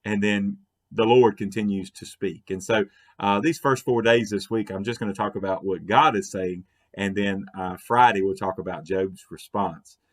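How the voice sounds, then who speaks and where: A man's voice: on the low side, steady tone, normal speed. A man giving a short devotional talk as pastor, earnest, often repeating and restarting words as he builds emphasis.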